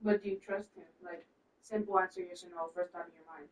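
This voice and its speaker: A woman's voice: fairly low pitch, steady tone, fast talker, distant mic, low-quality recording. A woman friend at home on a livestream, chiming in with short remarks and blunt questions. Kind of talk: casual chat. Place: at home, shared apartment.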